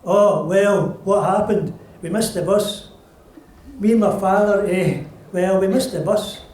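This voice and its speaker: A man's voice: sits high, a little slow, darkish tone. A man with a Scottish accent voicing a shy young Scottish man who hesitates and trips over his words. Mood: awkward. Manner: hesitant, stumbling. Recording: roomy, distant live reading.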